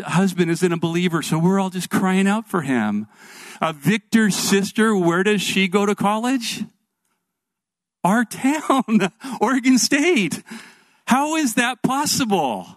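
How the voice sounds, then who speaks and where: A middle-aged male pastor preaching a sermon, telling stories in an animated, earnest way. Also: sits high, no echo.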